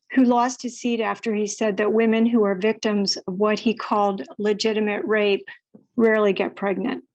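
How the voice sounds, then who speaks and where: A woman poet on a video call, introducing her poems in a relaxed, unhurried way with frequent fillers. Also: medium pitch, rough recording. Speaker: poet giving a reading.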